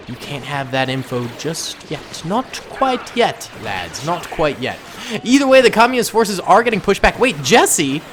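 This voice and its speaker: A man with a Boston-area accent giving excitable, jokey, rambling commentary over a battle simulation game. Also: medium pitch, background noise. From Massachusetts, USA. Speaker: gaming YouTuber narrating a battle simulation. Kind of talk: casual gameplay commentary.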